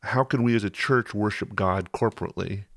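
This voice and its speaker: A man's voice: fairly low pitch, brisk, a bit bright, no room sound. Man hosting a faith podcast, dry sound. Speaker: podcast host. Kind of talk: podcast interview conversation.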